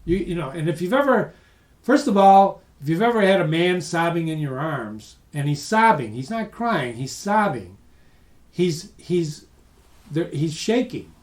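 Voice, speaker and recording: A man presenting a webinar as a lively, emphatic storyteller who speaks straight to his audience. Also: a little high, a little slow, echoey room. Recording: voice distant from the mic.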